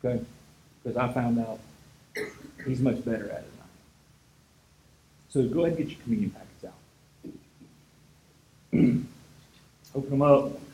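A man's voice: medium pitch, normal speed, long pauses, warm tone, echoey room, slight background noise, low-quality recording. A man preaching a casual sermon as a pastor, retelling scripture in an easygoing, conversational way.

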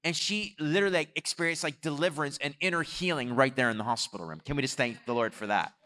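A man preaching a sermon, telling a story in an animated way and swelling louder on his exhortations. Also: a little high, quick pace. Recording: long hall reverb.

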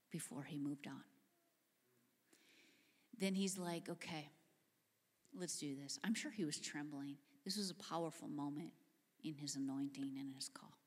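Animated woman preaching in a big reverberant hall. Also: low voice. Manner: animated storytelling, dropping to hushed tones. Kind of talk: sermon.

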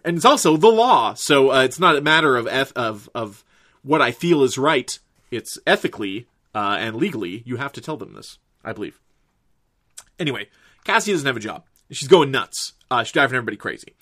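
A man's voice: mid-range voice, pushed and bright, no room sound, studio quality. A man recapping wrestling and a TV episode in casual commentary, rambling with lots of filler words and casual swearing. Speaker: wrestling and TV reviewer.

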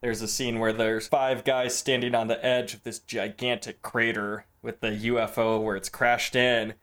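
Male co-host, mid-pitched, animated and jokey, casual film chat. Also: moderate pace. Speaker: podcast co-host.

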